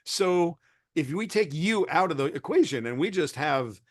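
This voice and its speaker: A man's voice: on the high side, lively intonation, normal speed, dry recording, studio quality. A man as an interview guest, explaining technology conversationally with everyday examples, often restarting his sentences. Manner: rambling, self-correcting, explains with everyday examples. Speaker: interview guest, tech expert.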